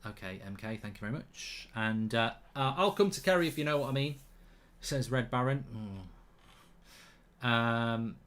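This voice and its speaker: A man hosting a live football watchalong, reading chat messages and reacting excitedly to goals. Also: medium pitch, moderate pace. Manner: excitable, bursts out loud when goals go in.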